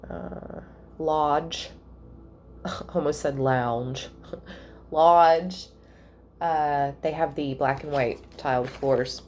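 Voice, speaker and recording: A woman giving a casual spiritual reading at home, chatty and thinking out loud with soft asides. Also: a bass voice, slow, slight background noise. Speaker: tarot reader.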